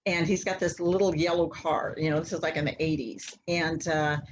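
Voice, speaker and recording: A woman guest telling a long personal story in a casual, animated way, acting out the voices of people in it. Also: low-pitched, moderate pace, lo-fi sound, slight background noise. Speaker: interview guest, mother.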